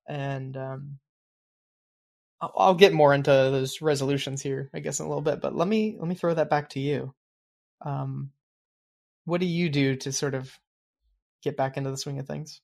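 Gravelly man rambling in casual chat. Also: medium pitch, fairly even intonation, normal speed. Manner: rambling, full of fillers and "like"; reflective, explains his planning habits at length. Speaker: podcast co-host.

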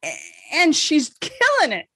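A woman co-hosting a podcast, telling a story in casual chat, animated and swearing freely, acting out the voices she quotes. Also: high voice, measured pace. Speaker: podcast co-host.

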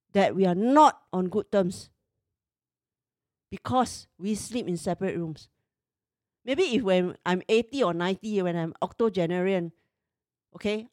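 A woman's voice: mid-range voice, dry recording, clean studio sound. Exasperated woman in her fifties. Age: 50s. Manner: emotional, exasperated retelling. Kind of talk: personal storytelling.

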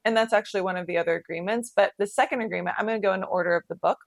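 Young woman chatting candid n animated on her podcast, mid pitch, dry close sound. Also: racing, creaky, no room sound. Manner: candid, animated storytelling with frequent laughs and swearing. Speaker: podcast host. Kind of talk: casual personal monologue.

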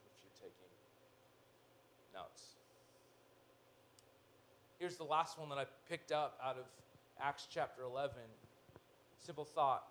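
A male pastor preaching a sermon in an animated way, with joking asides, swinging from loud to hushed. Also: medium pitch, a little hiss or hum.

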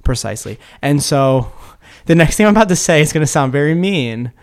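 College guy guest, smooth clear voice, laughs a lot, lots of ums. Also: on the high side, animated, brisk, a little mellow. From Kent County, Maryland. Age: 20s. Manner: giggly, self-deprecating, rambling with fillers. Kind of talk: casual podcast chat.

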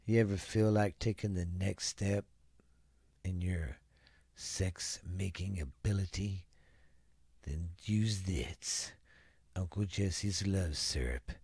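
A man voicing a sleazy male pitchman in a mock advertisement, with a low, slow, hushed delivery. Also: slightly rough, dry recording, studio quality, full character voice.

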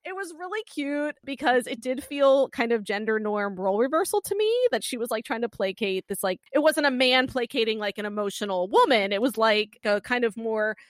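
A woman's voice: on the high side, a little fast, hardly any pauses, dry recording. A woman co-hosting a podcast, chatting casually about a drama series and retelling scenes with lots of energy. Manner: animated retelling with acted quotes and laughs. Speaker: podcast co-host.

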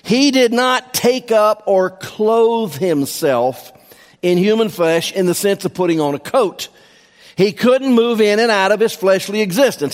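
Emphatic preacher man in a reverberant hall. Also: high-pitched. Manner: emphatic, repeats key phrases for stress. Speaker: pastor. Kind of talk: sermon.

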